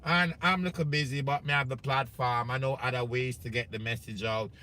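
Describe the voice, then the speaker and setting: Bright-voiced Jamaican talk show host. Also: male voice, medium pitch, fairly even intonation, brisk. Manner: encouraging, chatty. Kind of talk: live-stream talk show.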